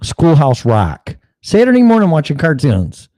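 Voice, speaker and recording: Man, podcast host, heated profane rant, lively swooping pitch, mellow dark tone. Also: measured pace, no echo. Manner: blunt, heated, swears often, mocks opponents in put-on quotes. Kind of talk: profane political monologue.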